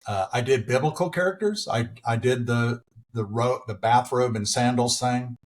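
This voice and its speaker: A middle-aged man, a preacher and actor, telling stories as a podcast guest in an animated, playful way. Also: medium pitch, normal speed. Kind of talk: storytelling in casual conversation.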